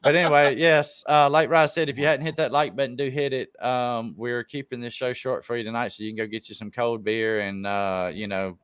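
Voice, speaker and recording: A man's voice: mid-range voice, fairly even intonation, a little fast, hardly any pauses, fairly bright tone, clean tone, no room sound, clean studio sound. A man hosting a casual live-stream chat, telling stories in a laid-back way and swearing freely. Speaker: live stream show host.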